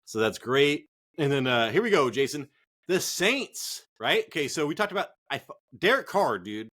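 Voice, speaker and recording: A man co-hosting a casual fantasy football chat, profane, excitable and rambling. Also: mid-range voice, moderate pace. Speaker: fantasy football podcast co-host.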